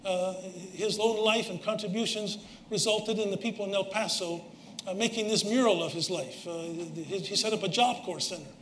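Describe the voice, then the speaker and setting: Older guy giving a talk, kinda high voice, roomy hall sound, some faint hum. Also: a bit bright. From United States. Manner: measured, reflective, sprinkles Spanish words. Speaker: professor giving a public talk. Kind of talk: public lecture with slides. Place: hall with a live audience.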